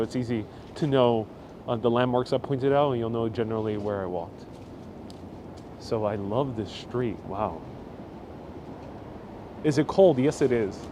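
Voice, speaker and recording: A man's voice: mid-range voice, unhurried, pauses often, darkish tone, a little hiss or hum. A man hosting a live walking tour stream, chatting in a rambling way and reading out viewer comments as he walks. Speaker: host. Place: outdoors on a city street. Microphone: wireless lapel mic.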